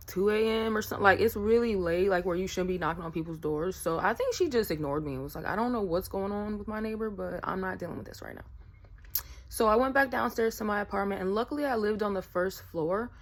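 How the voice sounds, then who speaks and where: Woman vlogger, mid-pitched, casual storyteller who rambles with fillers. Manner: chatty, rambling, many fillers.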